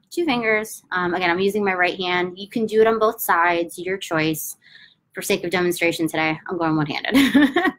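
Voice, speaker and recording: Middle-aged woman, tapping coach, upbeat and emphatic, voice sits a bit low. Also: fairly bright tone, poor audio. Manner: upbeat and emphatic, then slow chanting of affirmations. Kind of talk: guided self-help instruction.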